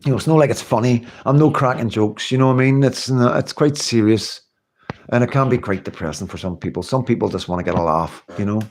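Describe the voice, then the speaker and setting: A man's voice: medium pitch, fast talker, a little hiss or hum. A man talks straight to his viewers on a live stream in an unscripted, rambling way, circling back over the same points. He sounds earnest, swears casually, and breaks off to answer their comments. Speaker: livestream host.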